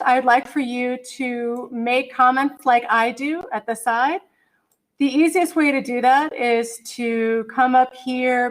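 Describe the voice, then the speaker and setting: A middle-aged woman teaching an online college English class over a computer mic, chatty and apologetic, humming to herself as she hunts for files. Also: on the high side. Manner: chatty, apologetic, hums while searching. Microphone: computer mic on a video call.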